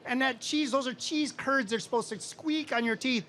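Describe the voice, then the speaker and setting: No-nonsense midwestern wife, as a storyteller puts her on, flat matter-of-fact, kinda high. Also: normal speed, a little hiss or hum. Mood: explaining. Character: blunt, practical Midwestern wife.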